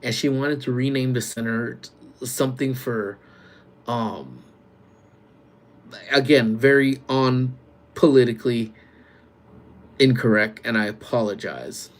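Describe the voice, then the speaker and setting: A man working security, chatting casually with viewers on a live stream from work, using relaxed slang and calling out loud greetings to people joining. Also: mid-range voice, slow, pauses often. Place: workplace community center.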